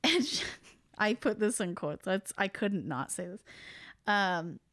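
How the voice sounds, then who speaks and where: A woman's voice: mid-range voice, expressive, slow pace, a bit bright, no echo, studio quality. A woman hosting a podcast, chatting casually as she retells a ghost story, often laughing. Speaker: podcast host.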